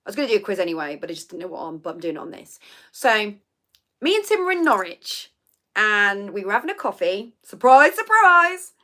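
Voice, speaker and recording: A woman's voice: medium pitch, sing-song, fast talker, pushed and bright. A middle-aged woman, chatting casually as host of a livestream and telling stories with plenty of asides. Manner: chatty storytelling with laughs and asides. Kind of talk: casual chat.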